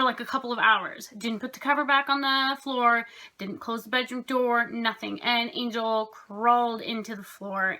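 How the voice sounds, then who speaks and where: A woman's voice: a little high, sharp tone. A young woman vlogging casually at home, telling rambling stories about her pets with lots of fillers. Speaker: craft vlogger. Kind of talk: casual chatty storytelling.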